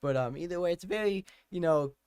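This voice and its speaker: A man hosting a music reaction video, rambling casually with many fillers and bursting into excited outcries. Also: sits high, brisk, clean tone, no echo, studio quality. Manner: rambling, lots of fillers and hedges; excitable outbursts.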